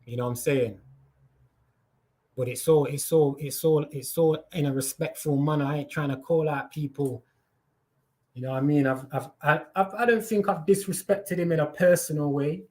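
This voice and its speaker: A man hosts a live stream in a loose, rambling way, full of slang and restarts. His voice sits a little higher than most men's. It comes through a phone or headset. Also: steady tone, normal speed, mellow. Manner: rambling, slangy, repeats himself often. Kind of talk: casual live chat monologue.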